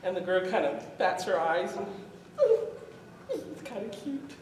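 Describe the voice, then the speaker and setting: A woman storyteller telling a folk tale to a live audience, lively and often laughing as she acts it out, in a festival hall. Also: medium pitch, slow pace, slight background noise. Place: event hall at a medieval arts festival. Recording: echoey hall from far off.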